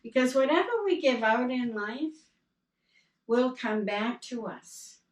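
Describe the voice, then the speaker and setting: A woman preacher speaks slowly and gently, at a middling pitch. She tells parables with little quoted voices and draws a lesson from them. Her voice sounds a little far from the mic, in a roomy space. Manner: slow, gentle storytelling with quoted dialogue. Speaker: reverend. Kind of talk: sermon.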